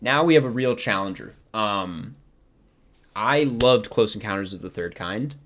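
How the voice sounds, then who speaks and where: A man's voice: fairly low pitch, animated, measured pace, a bit bright. A young man talking casually to camera, rambling and second-guessing himself with many ums while he ranks films. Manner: rambling, self-questioning, frequent ums. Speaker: film vlogger ranking movies. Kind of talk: casual chat.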